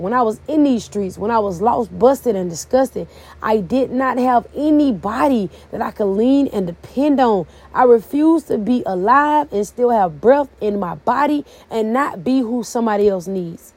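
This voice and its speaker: A middle-aged woman with a slightly high, warm voice and a breathy edge hosts a faith-based podcast. She preaches fervently yet casually, using plain church phrasing.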